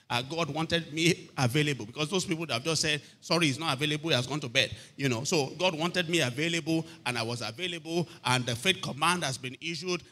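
A man's voice: on the high side, bright, forceful tone. A man preaching a sermon, telling a story and often asking the listeners if they are hearing him. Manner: storytelling preacher, repeats phrases, asks "are you hearing me?". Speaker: pastor.

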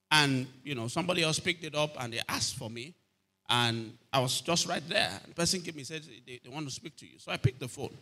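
A man's voice: on the high side, sharp tone. A man preaching a sermon, telling a story and often asking the listeners if they are hearing him. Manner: storytelling preacher, repeats phrases, asks "are you hearing me?". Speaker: pastor.

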